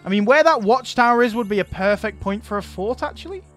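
Brief: male let's-play host, high-pitched voice, chatty and excitable, quick to swear and rant, faint music underneath. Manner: chatty, excitable, swears freely and rants at the enemy. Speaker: gaming channel host. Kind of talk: strategy game commentary.

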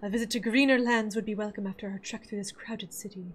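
A woman voicing a stern female druid who speaks in a lowered, measured, solemn way. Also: fairly even intonation, a little hiss or hum, lightly acted. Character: stern female druid warrior, dry and guarded.

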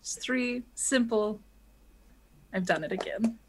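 A woman's voice: a little high, slow, noisy background. A woman playing a tabletop game online with dry, mock-formal jokes. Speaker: player. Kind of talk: playful in-character banter.

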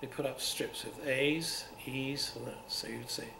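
A man's voice: medium pitch, fairly even intonation, a little slow, vocal fry. A man in his seventies with a London accent between upper-class and Cockney, reminiscing in an oral history interview, rambling with restarts. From England. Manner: rambling, with many restarts and repeats. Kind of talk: unscripted reminiscing. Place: museum room. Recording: roomy with faint hiss.

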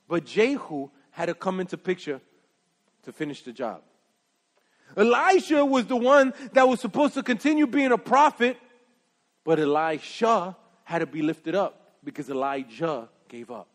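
A male preacher delivers an animated, emphatic sermon in a high voice. He swings from loud exclamations to hushed asides. His voice rings with a long hall reverb. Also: moderate pace. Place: church sanctuary.

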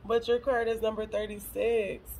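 In a rough recording with slight background noise, a tarot reader speaks to camera in a fairly high, darkish voice at normal speed with flat delivery. Her casual reading is blunt, profane and emotional, and she's close to tears.

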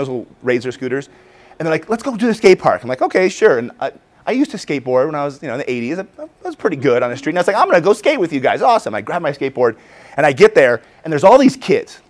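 A man in his forties presents to a hall of teachers with restless, animated energy. His voice sits a little high and leaps up and down, and he slips into his students' voices to make each point. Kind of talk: lively conference talk with demonstrations. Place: conference hall before an audience.

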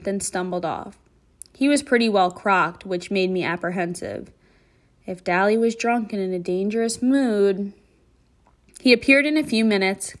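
A woman, a middle school English teacher, reading a novel aloud to her class with expressive storybook delivery. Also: mid-range voice.

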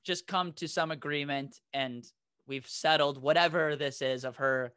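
A man's voice: on the high side, steady tone, measured pace, bright, forceful tone, clear, resonant tone, no echo, clean studio sound. A man co-hosting a comedy podcast, telling a rambling anecdote and laughing as he goes. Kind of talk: casual storytelling.

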